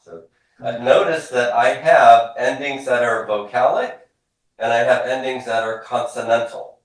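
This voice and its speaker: A man's voice: mid-range voice, steady tone, unhurried. A man teaching a classroom lesson, explaining patiently, often repeating words and drilling forms aloud for students to echo. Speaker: Hebrew instructor. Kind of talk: classroom lecture. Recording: echoey classroom from far off.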